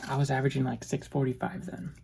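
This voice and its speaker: A young woman rambling in a low monotone, soft-spoken ASMR style, often restarting her sentences. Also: fast, vocal fry, noisy background. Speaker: ASMR creator.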